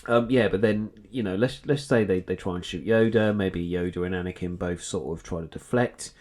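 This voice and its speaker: A man co-hosting a podcast, chatting in an animated, agreeable way with stammering restarts. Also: low-pitched, a little fast. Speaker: podcast co-host. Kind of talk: casual chat.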